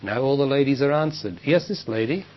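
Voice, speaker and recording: A man giving a public spiritual talk and answering audience questions, measured and emphatic, in a dull lo-fi recording with faint hiss. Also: mid-range voice, expressive. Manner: measured, emphatic, rises sharply when quoting others. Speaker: spiritual teacher. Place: lecture hall with audience.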